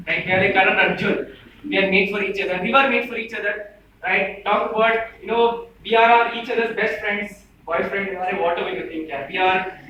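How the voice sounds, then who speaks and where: A young man from Bangalore with an Indian English accent, talking fast in a fairly high voice. He jokes with friends in a loose, informal speech and ends many sentences with "right?". He sounds distant in a very echoey room with a faint hum of ambience. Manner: joking, tags sentences with "right?". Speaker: speaker addressing friends.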